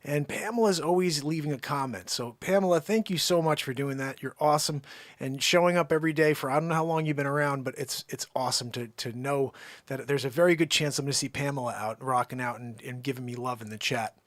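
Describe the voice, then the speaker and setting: A man hosting a live stream, rambling through effusive shout-outs to viewers in casual chat. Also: medium pitch, quick pace, no echo. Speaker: livestream host.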